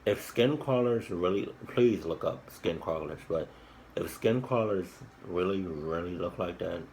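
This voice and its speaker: Slow, gravelly low-voiced man rambling. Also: darkish tone, a little hiss or hum, low-quality recording. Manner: rambling, crude jokes, frequent restarts and fillers. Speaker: reaction video host. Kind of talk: casual rambling commentary.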